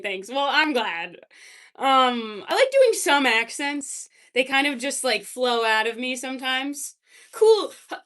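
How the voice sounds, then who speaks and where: A woman's voice: high voice, sharp tone. A woman livestreamer in casual chat, reacting to chat messages with lots of fillers.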